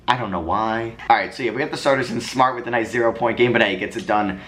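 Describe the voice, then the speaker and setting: A young man giving live commentary while playing a basketball video game, swinging from muttering to excited yelling. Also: medium pitch, fast. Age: young adult. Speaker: gaming commentator.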